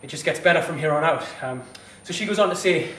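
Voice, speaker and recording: A man, a fitness instructor, gives advice straight to the camera in a blunt, indignant way, with the odd swear word. His voice sits a little high for a man. He stands back from the mic in an echoey room with a faint hum behind him. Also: fast, fairly bright tone, recorded from a distance. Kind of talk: direct-to-camera advice vlog.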